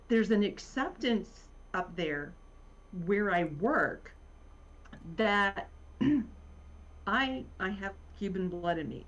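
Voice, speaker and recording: A woman with a Virginia accent, a guest in a casual talk, rambling with many pauses and fillers and laughing often. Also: lowish voice, fairly bright tone. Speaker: podcast guest. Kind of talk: casual conversation. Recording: muffled lo-fi audio.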